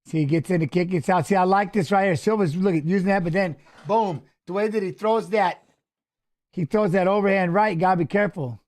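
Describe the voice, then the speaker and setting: A middle-aged man hosting a fight watch-along, chatting casually and coaching the fighters aloud with excited calls. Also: high-pitched, fairly quick. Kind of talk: casual live fight commentary.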